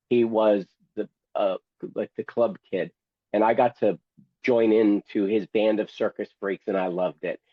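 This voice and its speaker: Man, comic memoir storyteller, low voice, dry dull podcast sound. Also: no room sound. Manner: theatrical, comic, acts out other people's voices. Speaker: guest, memoir author. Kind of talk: storytelling, reading from his memoir.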